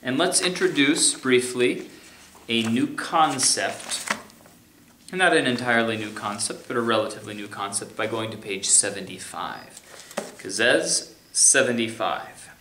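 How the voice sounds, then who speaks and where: A man's voice: medium pitch, measured pace, background noise. A man teaching music theory in a recorded remote lecture, talking casually and scatting rhythms to show them. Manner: casual, sings and scats rhythms to demonstrate. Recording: echoey room.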